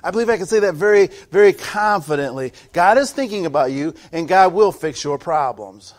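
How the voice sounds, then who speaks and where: A male pastor delivering a sermon in a high-pitched voice. He swings between hushed, confiding asides and loud, shouted declarations, and he often stammers and restarts his sentences as he talks to the congregation. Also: a little fast. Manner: animated preaching, swings from soft asides to shouted peaks, frequent stammered restarts.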